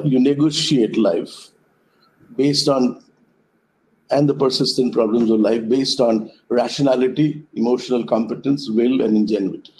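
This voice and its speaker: Mellow-voiced man telling reflective parables. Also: mid-range voice, a little hiss or hum, rough recording. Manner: thoughtful storyteller, speaks in metaphors. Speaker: conference speaker. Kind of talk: reflective talk told through parables. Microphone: web conference call.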